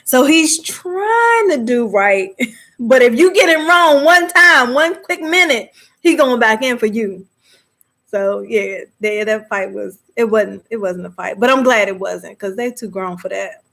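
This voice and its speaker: A woman's voice: fairly high pitch, measured pace, gravelly, fairly bright tone. A woman hosting a live movie discussion, chatting casually with viewers and laughing often.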